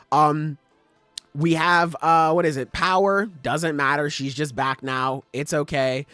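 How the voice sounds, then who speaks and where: Podcast host, male, higher-pitched, dry close sound, swearing and critical in a casual rant. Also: no echo. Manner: animated, profane, critical ranting with acted quotes.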